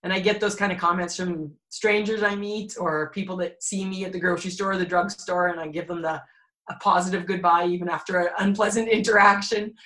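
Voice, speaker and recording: Bright-voiced woman telling a story. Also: on the low side, fairly quick, poor audio. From Alberta, Canada. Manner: candid and animated, laughing between heavy moments. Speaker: podcast guest. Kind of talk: candid personal storytelling.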